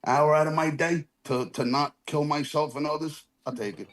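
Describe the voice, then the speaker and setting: A man's voice: a little high, fairly even intonation, moderate pace. A man sharing at a recovery meeting over his phone on a video call, earnest and rambling, apologizing for his swearing. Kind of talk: casual heartfelt share.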